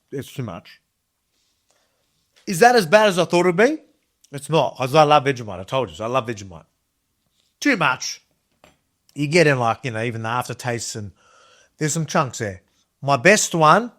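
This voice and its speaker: A man's voice: a little high, a bit bright. Chatty Australian man showing how to eat a spread. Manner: chatty, rambling, enthusiastic. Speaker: cooking video host. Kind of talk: casual cooking demo.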